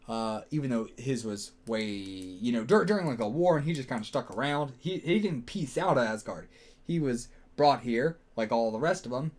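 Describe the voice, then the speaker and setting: A man with a medium-pitched, slightly mellow voice hosts a casual solo reaction video. He rambles and second-guesses himself, using lots of fillers and swearing.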